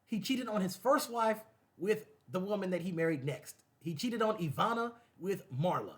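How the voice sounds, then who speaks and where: Here a man with a high voice, speaking at normal speed, runs his own show and talks to the camera in a relaxed, lively manner. Repetition and laughing asides run throughout.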